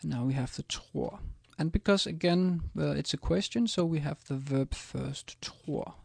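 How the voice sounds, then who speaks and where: A man's voice: a little high, a little slow, vocal fry, slightly rough, no room sound, studio quality. A man teaching a language in a casual screencast, hesitant, with many ums and restarts as he types examples. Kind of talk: screencast lesson, typing examples.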